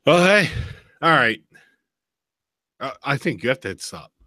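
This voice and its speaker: A man hosting a podcast, chatting casually and telling stories with animated swearing. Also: mid-range voice, a little slow, dry recording. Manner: animated storyteller, swears freely. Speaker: podcast host. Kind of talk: casual chat.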